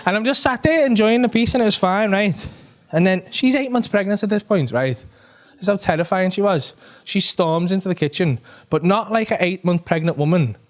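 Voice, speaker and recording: A man, telling an animated, sweary stand-up story on a comedy club stage, tagging lines with "right?". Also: high voice, brisk.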